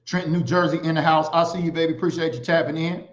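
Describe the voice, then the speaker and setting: A man hosting a casual livestream, animated and giving shout-outs to viewers. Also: on the high side, quick pace. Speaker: livestream host. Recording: echoey, slightly dull sound.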